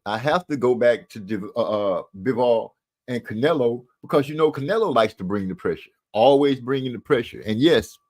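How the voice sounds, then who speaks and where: A man's voice: medium pitch, a little mellow. A man hosting a casual boxing live stream from a room at home, talking in a rambling way with lots of fillers and restarts.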